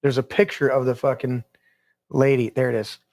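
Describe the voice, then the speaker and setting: A man's voice: medium pitch, little pitch movement, normal speed, a little mellow. A man hosting a podcast, ranting casually and reading news articles aloud, rambling, swearing and stumbling over words. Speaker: podcast host.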